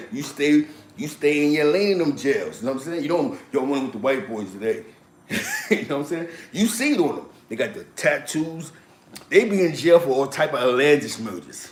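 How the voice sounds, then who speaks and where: With a voice on the high side and a moderate pace, a man swaps stories about the streets and prison in casual talk. He's animated and laughs often as he acts out other people's quotes, recorded in an echoey room.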